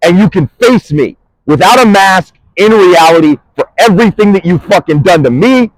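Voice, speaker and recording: Man, high and wildly swinging voice, furious profane rant on a busy street, dry close sound. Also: lively intonation, moderate pace, no echo, rough recording. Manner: furious, profane, threatening, swings between shouting and muttering. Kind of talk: angry direct-to-camera rant.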